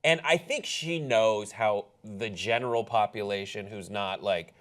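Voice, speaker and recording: A man's voice: lowish voice, a little slow, fairly bright tone. A man co-hosting a pop culture talk show, chatting casually with a wry, critical edge. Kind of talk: casual chat.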